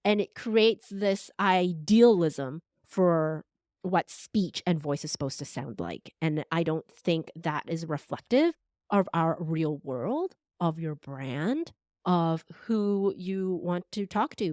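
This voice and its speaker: A woman guest on a podcast interview, a voice coach talking in an expressive, animated conversational way. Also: on the low side, dry recording, studio quality. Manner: expressive, animated, uses air quotes verbally.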